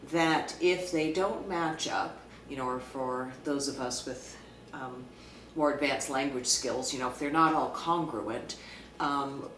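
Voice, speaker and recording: A woman working as a clinical social worker, calmly explaining a social skill to camera with frequent fillers. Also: very deep voice, a little hiss or hum. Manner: calm, measured, with frequent fillers. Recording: echoey room, mic at a distance.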